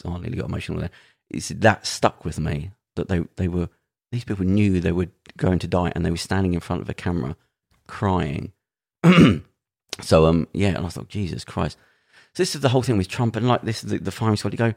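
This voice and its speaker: A man's voice: deep voice, a little fast, gravelly, darkish tone. A man co-hosting a podcast, telling a story in a rambling, earnest way with frequent restarts. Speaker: podcast co-host. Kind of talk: casual podcast chat.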